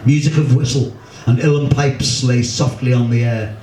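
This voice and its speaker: A man's voice: medium pitch, steady tone, normal speed, mellow. Liverpool man reciting comic verse. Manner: rhythmic, rhyming delivery with wry humour. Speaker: poet and performer. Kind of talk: live comic poetry recital. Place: pub function room. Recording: echoey room, distant mic, faint hum.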